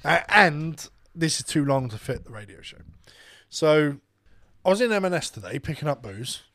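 A man's voice: fairly high pitch, sing-song, moderate pace, a bit bright, no room sound. A man with a slightly raised voice launches into a furious, swear-laden rant, acting out the people in his story as he goes. The sound is dry and close, with no room around it. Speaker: podcast co-host and radio presenter. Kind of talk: casual chat, ranting anecdote.

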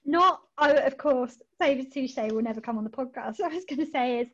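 Giggly woman podcaster, bright voice. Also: high-pitched, a little fast. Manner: giggly, animated, trails off into restarts. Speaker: podcast co-host. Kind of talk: casual podcast chat. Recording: lo-fi dull audio.

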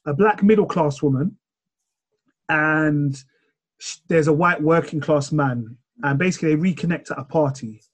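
Husky-voiced man, animated podcast chat. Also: on the high side, normal speed. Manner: animated, rambling retelling.

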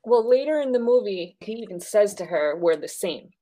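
A woman's voice: medium pitch, expressive, moderate pace, mellow. A woman in a casual film discussion, talking enthusiastically about favorite scenes with frequent fillers.

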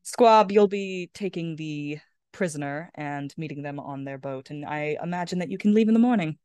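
A woman playing a slow, sly pirate queen. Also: deep voice, warm tone, smooth, dry recording, lightly acted. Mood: cool, commanding. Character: calm commanding female pirate queen.

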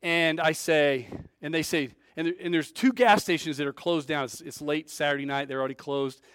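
A man preaching, telling a story with big swings between loud and soft and acting out the voices of the people in it. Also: on the high side, a little fast, smooth, dry recording, clean studio sound. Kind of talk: storytelling sermon.

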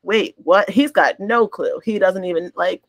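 A woman's voice: medium pitch, unhurried, no echo. A woman co-hosting a podcast, telling stories bluntly and candidly in casual chat. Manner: blunt, candid storytelling with swearing. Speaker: podcast co-host.

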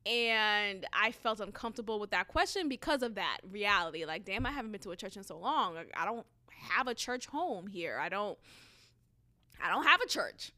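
Young woman, Haitian background, casual storytelling, chatty, bright voice, very animated pitch. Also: normal speed. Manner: chatty, animated, laughs often, swears casually.

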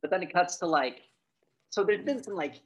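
A man co-hosting a podcast, casually recapping a movie in a rambling, profane way and acting out lines in high voices. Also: expressive, normal speed, fairly bright tone. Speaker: podcast co-host.

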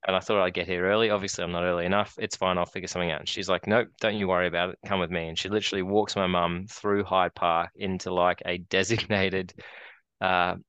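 A man's voice: sits low, level tone, fairly quick, fairly bright tone, smooth, no room sound, dull audio. An Australian man in his forties, co-hosting a podcast and telling a long rambling story with many restarts. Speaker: podcast co-host. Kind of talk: casual chat.

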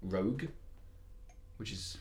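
A man co-hosting a podcast, chatting casually in an excitable, rambling way. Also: sits low, slow pace, slight background noise. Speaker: podcast co-host. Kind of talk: casual chat.

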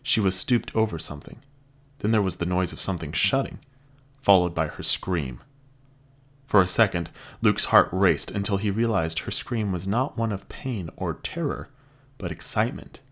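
A man narrating a science-fiction story in an expressive, dramatic reading style. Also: deep voice, moderate pace. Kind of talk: scripted audiobook narration.

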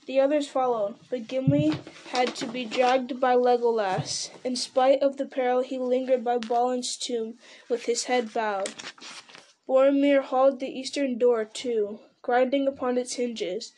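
Woman reading a fantasy book out loud, kinda high, mellow, dramatic with little slips. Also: fairly even intonation, a little slow, a little hiss or hum. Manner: dramatic storytelling with occasional slips. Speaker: reader. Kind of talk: reading a fantasy novel aloud.

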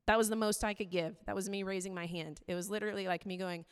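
A woman's voice: mid-range voice, steady tone, fast talker, few pauses, clear, resonant tone. Woman preaching in a reverberant hall. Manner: conversational, candid, many "like" fillers. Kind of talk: sermon.

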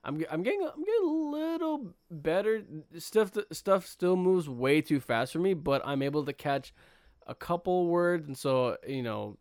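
Laid-back young podcast host. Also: male voice, on the high side, very animated, moderate pace, darkish tone, dry recording, studio quality. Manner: laid-back, self-mocking, lots of fillers. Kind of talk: casual podcast chat.

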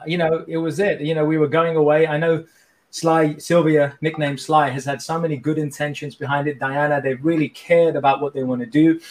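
Male guest, joking and energetic, higher-pitched voice. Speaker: coach and guest. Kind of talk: casual interview chat.

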